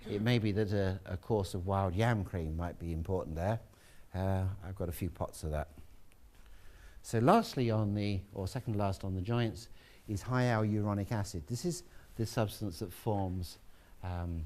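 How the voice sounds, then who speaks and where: A man giving a relaxed, chatty classroom lecture, with asides to students. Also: fairly low pitch.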